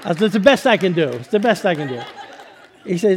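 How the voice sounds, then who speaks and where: A middle-aged man with a New York accent gives his testimony as a pastor. His voice sits a little high for a man. He tells jokes with animation, then drops low and quiet for the serious parts. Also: very animated, fairly quick. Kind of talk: sermon testimony.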